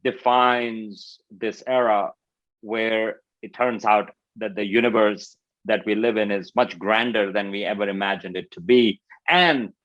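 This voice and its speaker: A man's voice: lowish voice, a bit bright, muffled recording. Pakistani-accented man, thoughtful enthusiastic guest. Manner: thoughtful, enthusiastic, many fillers and restarts. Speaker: astrophysicist guest. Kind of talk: conversational interview.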